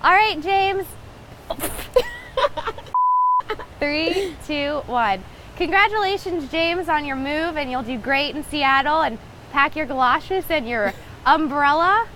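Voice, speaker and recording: A woman's voice: sits high, animated, measured pace, sharp tone, slight background noise, poor audio. A woman recording a cheerful, playful farewell message to a coworker.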